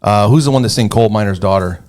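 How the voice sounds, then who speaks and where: A man's voice: lowish voice, quick pace, darkish tone. A man from Northern Michigan co-hosting a podcast, chatting casually with many fillers and restarts. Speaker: podcast co-host. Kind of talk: casual chat.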